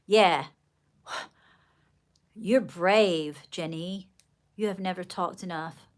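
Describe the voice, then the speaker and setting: Speaking slowly in a voice on the low side, a livestream host from Georgia chats with viewers in her Southern accent. She's gushing and rambling, calls them darling, and keeps the talk casual and fond.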